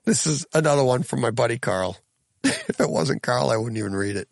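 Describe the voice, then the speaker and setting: Chatty man with a gravelly low-middle voice. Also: animated, a little fast, dry recording. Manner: rambling, chuckles often, restarts sentences. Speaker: podcast host. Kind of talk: casual podcast chat reading listener comments.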